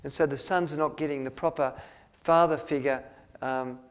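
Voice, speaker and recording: A man tells a story to an audience. He rambles, restarts his sentences often and fills pauses with ums. He acts out the lines he quotes. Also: fairly high pitch, steady tone, clean tone. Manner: rambling, with many restarts and fillers, acting out quotes. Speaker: speaker at a health retreat.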